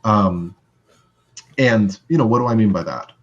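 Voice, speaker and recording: Male social skills trainer, low-pitched and casual, teaching over slightly muffled webinar sound. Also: unhurried. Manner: casual and conversational, many fillers, mimics overreactions in a high voice.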